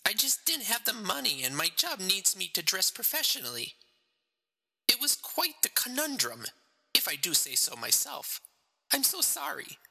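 A tearful, apologetic woman pours out a confession in a high, thin voice, as a male narrator puts her on. The tone is bright and edgy with a gravelly crackle, set in a long, ringing reverb. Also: moderate pace, few pauses, full character voice. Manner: high, falsetto-like put-on voice.

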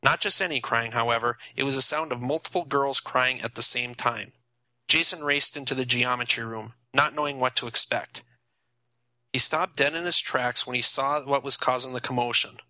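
A male audiobook narrator who reads at a steady, even pace. His voice is very bright and crisp. The recording is close and dry. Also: medium pitch, dry recording, low-quality recording.

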